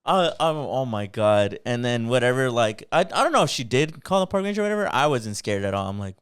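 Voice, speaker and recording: A young man co-hosting a podcast, telling a story in a casual, animated way and swearing a lot. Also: mid-range voice, fairly quick, smooth, no room sound, studio quality. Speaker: podcast co-host.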